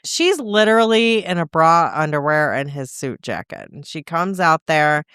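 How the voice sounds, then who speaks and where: Lively woman retelling a story. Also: sits low, clean tone, no room sound, studio quality. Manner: animated storytelling, acting out characters in quick voices. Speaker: podcast co-host recapping a book. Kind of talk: casual chat.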